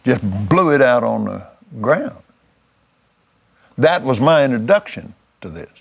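A man's voice: medium pitch, very animated, unhurried, vocal fry, breathy edge. A man preaching, telling a testimony story in a fervent, folksy way, often restarting his words.

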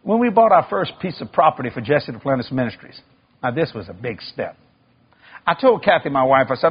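A man's voice: medium pitch, very animated, a little fast, slightly rough. A middle-aged male preacher, telling a folksy, joking story in a sermon. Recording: dull lo-fi recording.

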